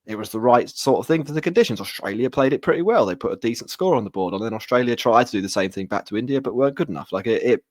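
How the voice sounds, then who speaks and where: A man co-hosting a podcast in casual chat, sweary and animated, often stumbling and restarting. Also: medium pitch, rapid-fire, hardly any pauses, no echo, studio quality. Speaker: podcast co-host.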